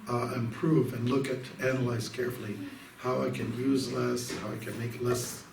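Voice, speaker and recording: Gravelly-voiced monk, distant in a hall. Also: male voice, mid-range voice, flat delivery, normal speed. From Canada. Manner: rambling storytelling with many fillers and restarts. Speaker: monk giving an evening talk. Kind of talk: informal devotional talk. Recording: roomy hall, distant mic, faint noise.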